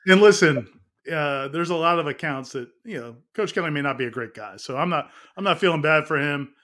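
A man's voice: on the high side, animated, a little fast, a bit bright. A man co-hosting a casual sports talk show, telling stories and teasing with laughter. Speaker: sports podcast co-host.

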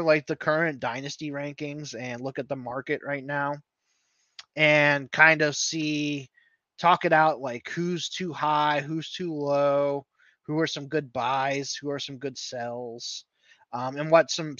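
Man, podcast co-host. Bright, loose casual chat, muffled lo-fi recording. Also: on the high side, no room sound. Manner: rambling, thinks aloud with fillers. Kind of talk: casual fantasy football chat.

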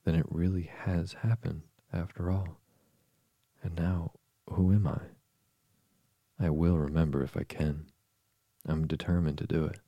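A man's voice: low voice, little pitch movement, unhurried, long pauses, mellow, no room sound. A man voicing a curious, chattering young girl in a storybook reading, musing aloud with puzzled questions.

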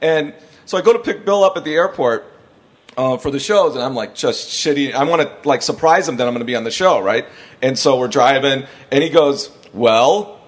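A man's voice: medium pitch, fairly quick. A man hosting a podcast, telling stories in a loose, rambling way and acting out the people he quotes. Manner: rambling, animated storyteller who acts out quotes. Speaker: podcast host. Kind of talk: casual chat, storytelling.

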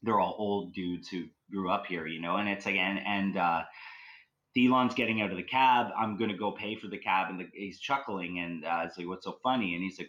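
A man with a very low, deep voice tells a long personal story in an easy, conversational way. He rambles, circles back and restarts his sentences, leaning constantly on "like" and "you know". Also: brisk, a bit bright, poor audio. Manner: rambling, many fillers and restarts. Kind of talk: casual storytelling.

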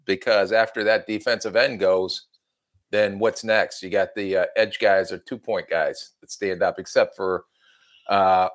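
A man's voice: sits low, steady tone, a little slow. A middle-aged man, a former team executive, talking football and telling folksy stories with self-mocking laughs. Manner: folksy storyteller, laughs at himself. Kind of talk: casual sports talk.

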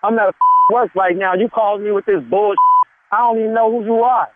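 High voiced guy on a crappy phone line, heated and defensive, loud factory racket. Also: sing-song, fairly quick, heavy background noise. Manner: indignant, defensive, swearing. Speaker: prank call target at work. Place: factory floor.

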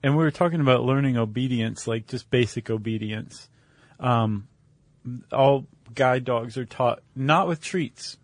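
A man's voice: medium pitch, unhurried, dry recording. A man co-hosting a podcast, explaining things in a casual, wry, conversational way with fillers. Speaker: podcast co-host. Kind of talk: casual chat.

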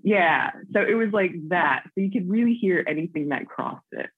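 A chatty American woman calling in, her voice low-pitched and a little husky. She fills her talk with "like" and "um", heard over a tinny, dry phone line. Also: expressive, normal speed, dry recording. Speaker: caller. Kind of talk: casual phone chat.

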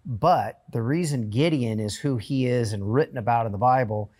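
A man's voice: mid-range voice, moderate pace, darkish tone. A man hosting a talk show who affirms and restates his guest's points. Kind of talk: interviewing, casual chat.

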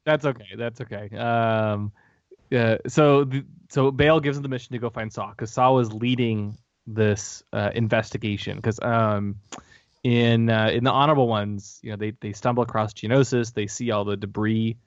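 A man's voice: mid-range voice, steady tone, normal speed, dry recording. A man rambling through a casual podcast chat, full of fillers and trailing thoughts. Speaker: podcast co-host. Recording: dull dry lo-fi audio.

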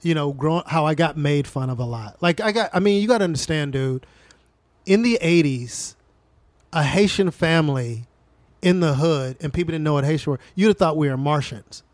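A man in his forties, a stand-up comedian telling stories in a casual podcast chat, animated and profane. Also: a little high, normal speed, no room sound. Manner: profane, animated storyteller, laughs often.

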